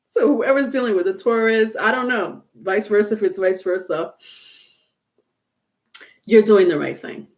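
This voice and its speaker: A woman's voice: medium pitch, unhurried, pauses often. Chatty, blunt tarot reader woman. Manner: chatty and blunt, curses freely, laughs often. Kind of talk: casual live-stream tarot reading.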